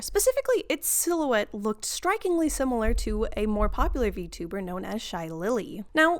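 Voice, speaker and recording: Animated woman vlogger with a fairly high voice, ranting with sarcasm. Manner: animated and sarcastic, laughs often. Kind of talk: casual ranting monologue.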